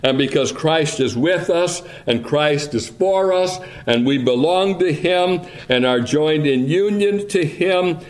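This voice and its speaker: Male pastor, unhurried sermon delivery, measured scripture reading. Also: on the high side. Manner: slow, deliberate preaching with King James scripture readings.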